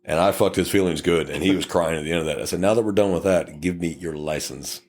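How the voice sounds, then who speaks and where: A middle-aged Texan man with a fairly low voice, trading cop stories on a podcast. He talks bluntly and swears freely, jumping into animated impressions of angry drivers and officers. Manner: blunt, profane, animated, acts out both sides of traffic stops in quick voices. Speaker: podcast co-host, police officer. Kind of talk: casual storytelling chat.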